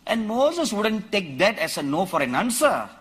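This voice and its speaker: A man preaching a sermon to a conference crowd, quoting scripture dramatically and rising to emphatic shouts. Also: high-pitched, big pitch swings, moderate pace, husky. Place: large conference hall.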